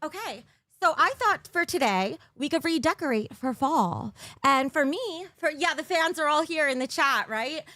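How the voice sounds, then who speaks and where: A woman's voice: sits high, lively intonation, normal speed, sharp tone, no echo, studio quality. A woman live-streaming from her bedroom, chatting casually with her viewers on a desk mic and giggling often.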